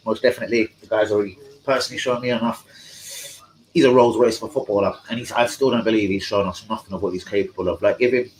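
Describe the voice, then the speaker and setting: A man rambles through a live-stream football chat, full of slang and swearing. His voice sits fairly low, with a faint hum of noise behind it. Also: poor audio. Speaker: fan channel host.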